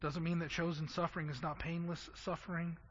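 A man's voice: a little high, level tone, fairly quick, fairly bright tone, slight background noise. A man preaching a sermon with passion, often stammering and repeating words for emphasis. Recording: echoey hall, dull lo-fi sound.

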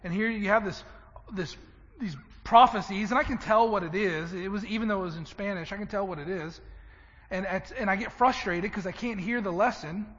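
A man preaching a sermon, swinging from loud emphatic lines to hushed ones. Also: high voice, fairly quick, big-room sound, lo-fi sound. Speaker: pastor.

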